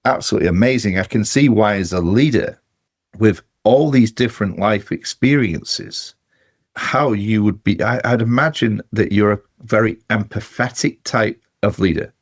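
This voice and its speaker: Low gravelly guy hosting a podcast, measured and reflective, slows down on the big points. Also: no room sound, clean studio sound. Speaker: podcast host and therapist. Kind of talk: podcast interview.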